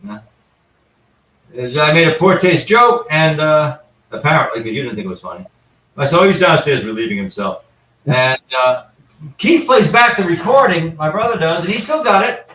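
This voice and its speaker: A man's voice: on the high side, very animated, moderate pace, sharp tone. A man, a paranormal investigator, telling anecdotes in a casual, rambling way with frequent restarts and asides. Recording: echoey room, far from the mic.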